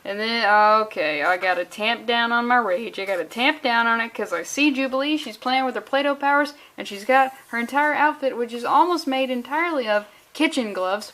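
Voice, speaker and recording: A woman reading a comic book aloud in a casual way, breaking off for sarcastic, deadpan jokes and stumbling over words. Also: fairly high pitch, moderate pace.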